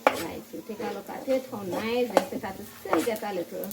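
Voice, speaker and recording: A talkative woman walks viewers through her cooking, keeping up an easy chat and tagging "right?" onto her sentences. She stands some distance from the camera mic. Loud frying and sizzling from the pan fill the sound around her voice. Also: medium pitch, brisk, very noisy. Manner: chatty, repeats "right?", calls herself by name. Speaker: home cook vlogger. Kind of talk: casual cooking demonstration. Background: sizzling frying food.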